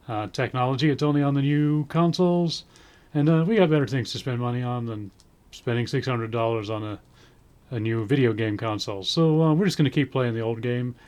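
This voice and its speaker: A man's voice: mid-range voice, darkish tone. A man giving a casual spoken review in a rambling way, full of ums, with dry sarcastic asides. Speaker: wrestling show reviewer.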